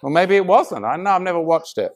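A middle-aged man delivering a sermon, swinging between loud emphatic preaching and hushed, intimate passages. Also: high-pitched, expressive, fast talker.

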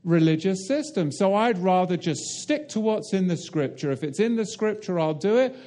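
A man's voice: high-pitched, animated, normal speed, dark tone. A man preaching a sermon, emphatic and direct, asking the listeners rhetorical questions and explaining Hebrew and Greek terms.

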